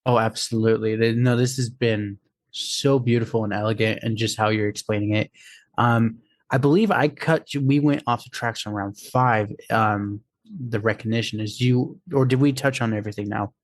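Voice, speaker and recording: Low-voiced man host, dry sound. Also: fairly even intonation, moderate pace, no room sound. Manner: brief affirmations. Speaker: podcast host. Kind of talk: casual interview.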